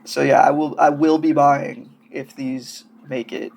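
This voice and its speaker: A man's voice: on the high side, level tone, unhurried, gravelly, hardly any pauses, a little mellow, slight background noise. A man casually gushing and rambling through hobby news in a vlog, coming down with a cold and sounding feverish. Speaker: doll-hobby vlogger.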